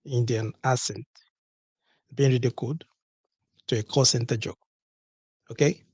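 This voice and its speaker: Guy hosting a call-in show, kinda husky, dry close sound, keeps repeating stuff and asking questions back. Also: mid-range voice, fairly even intonation, measured pace, a little mellow, no echo. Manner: emphatic, repeats key words, asks rhetorical questions. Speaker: podcast host.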